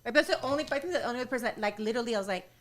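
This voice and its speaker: A woman in her thirties hosting a podcast, telling animated stories and acting out quotes with frequent laughter. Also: fairly high pitch, rapid-fire. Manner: animated storyteller, acts out quotes, laughs often. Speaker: podcast host. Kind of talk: casual chat.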